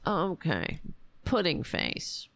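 Woman, solo political rant, sarcastic, exasperated, a little hoarse, lowish voice, dry close sound. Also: big pitch swings, very slow, fairly bright tone, dry recording. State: losing her voice. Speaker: political commentary host. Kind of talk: ranting solo political commentary.

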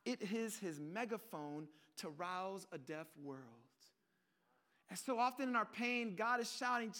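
A man with a very high voice preaches a sermon. He talks casually, as if in conversation, and often quotes prayers aloud. He swings between loud, emphatic peaks and low, hushed asides. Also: animated, a little slow. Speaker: pastor.

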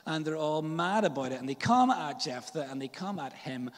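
A man's voice: fairly high pitch, lively intonation, normal speed, long reverb tail. A man from Northern Ireland with a Northern Irish accent, preaching a sermon in a casual, jokey storytelling way with slang and fillers. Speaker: pastor. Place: church.

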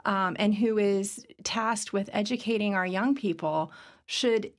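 A woman's voice: medium pitch, a little slow. A middle-aged woman from Virginia speaks unhurriedly in a casual podcast conversation. She is chatty, laughs easily and leans on fillers as she measures her words.

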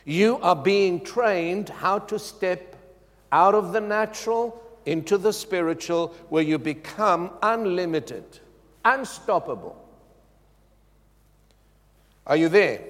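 A male preacher delivers his sermon at an unhurried, deliberate pace, pressing each point home. He throws questions out to the congregation as he goes. His fairly high voice carries a long reverb from a church hall. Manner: emphatic, calls out questions to the congregation.

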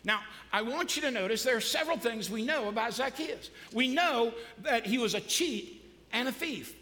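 A man's voice: extremely high pitch, expressive, normal speed, sharp tone. A male pastor preaching a sermon in a casual, joking way, quizzing the congregation as he goes. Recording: long reverb of a large hall.

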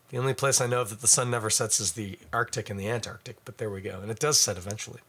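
Chatty man with a bright voice. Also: on the low side, steady tone, rapid-fire, few pauses, breathy edge. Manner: chatty, rambling asides. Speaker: beer reviewer. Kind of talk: casual tasting review.

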